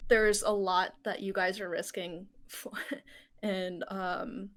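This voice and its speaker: Woman player, gentle and halting narration, mid-range voice. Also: medium pitch, little pitch movement. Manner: hesitant, many fillers, gentle. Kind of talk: narrating a character in a tabletop game.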